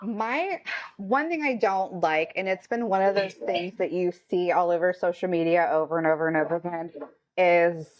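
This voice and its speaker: A woman's voice: fairly low pitch, normal speed, slight background noise. Woman co-host, casual chat. Blunt, profane, mimics others. Lo-fi recording. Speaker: podcast co-host.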